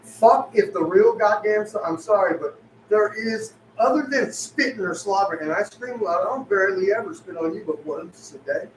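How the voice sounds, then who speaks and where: High-voiced guy cussing up a storm, mic far off, roomy echo. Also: moderate pace. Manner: rowdy, swears heavily, tells stories acting out both sides. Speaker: podcast co-host. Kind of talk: profane casual chat. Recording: echoey room, far from mic, faint hiss.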